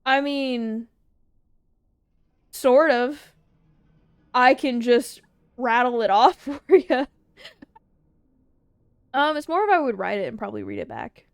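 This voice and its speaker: High-voiced laughing woman streamer. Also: animated, takes it slowly, vocal fry, pauses often, clear, resonant tone, no room sound. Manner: laughs often, swears casually. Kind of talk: casual livestream chat answering viewer questions.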